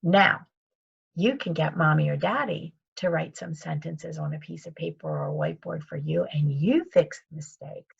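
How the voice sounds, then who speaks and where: A woman kindergarten teacher leads a recorded video lesson, speaking slowly and patiently in a sing-song way. Her voice is husky and gravelly, with a lot of fry. The sound is dull and lo-fi. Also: low-pitched. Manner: slow, patient, sing-song teacher talk, calls herself by her surname. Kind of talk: remote video lesson for young children.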